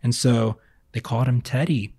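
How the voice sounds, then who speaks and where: A man's voice: medium pitch, fairly even intonation, normal speed, warm tone, breathy edge, no echo, studio quality. A young man from Virginia chatting casually at home, telling stories in a rambling, self-correcting way. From Virginia, US South. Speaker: vlogger. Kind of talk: casual chat. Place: home, indoors.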